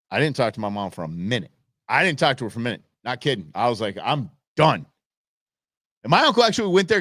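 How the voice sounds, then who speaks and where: Male host, casual live chat, animated swings, dry mic. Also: fairly high pitch, dry recording. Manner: animated storytelling, folksy with y'all. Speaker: father. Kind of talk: live show reaction and chat.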